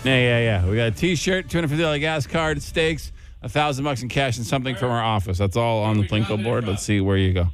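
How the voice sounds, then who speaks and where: A man co-hosting a radio show, excitable and quick to laugh, a bit out of breath. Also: mid-range voice, soft background music. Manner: excitable, laughs and yells a lot. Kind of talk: lively radio banter.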